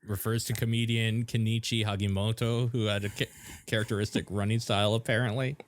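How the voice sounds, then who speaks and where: A man co-hosting a podcast, chatting in a relaxed, offhand way about a comic and swearing casually. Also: fairly low pitch, a little fast, no echo. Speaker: podcast co-host.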